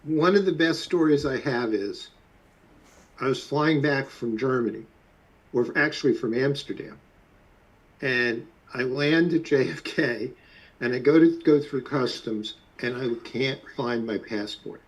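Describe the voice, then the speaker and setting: Man, mid-pitched voice, easygoing chat, telling a travel anecdote. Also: a little slow, low-quality recording. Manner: relaxed anecdotal storytelling. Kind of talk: casual chat.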